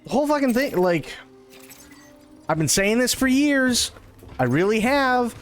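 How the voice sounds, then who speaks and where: A man's voice: very high-pitched, big pitch swings, measured pace, long pauses, faint music behind. A man ranting profanely in casual live-stream chat.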